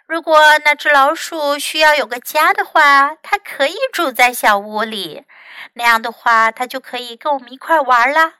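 A woman's voice: high voice, moderate pace, bright, forceful tone, no echo. A woman voicing a brave, friendly young male animal who speaks cheerfully and coaxingly. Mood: hopeful.

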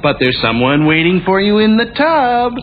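A man's voice: high-pitched, big pitch swings, normal speed, heavy background noise. A man voicing a patient, encouraging young father in a cartoon. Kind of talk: cartoon voice acting. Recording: tinny lo-fi audio with loud music.

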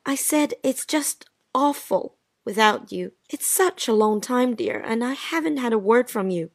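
In a dialogue drama reading, a woman voices Jean, an anxious, lovesick wife pleading with her absent husband in a sad, breathless and emotional way. Her voice sits on the high side with lively intonation and a measured pace, recorded dry with clean studio sound.

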